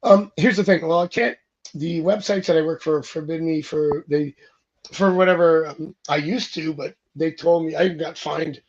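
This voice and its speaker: Chatty male guest, high gravelly voice, rambling and acting out quoted lines. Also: fairly even intonation, moderate pace, highs cut off, a little hiss or hum. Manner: rambling, acts out quoted dialogue. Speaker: psychic tarot reader, guest. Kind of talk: casual interview chat.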